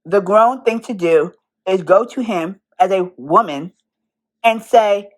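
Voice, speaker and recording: A woman's voice: mid-range voice, slow. A young woman in an angry, profane rant, firing rhetorical questions at the person she is calling out. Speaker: commentary vlogger.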